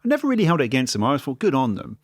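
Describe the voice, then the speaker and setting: A man's voice: mid-range voice, huge pitch swings, very fast, no room sound, studio quality. A man from London hosting a podcast, chatting casually and telling stories with self-deprecating humour. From London, England. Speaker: podcast host. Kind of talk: casual interview chat.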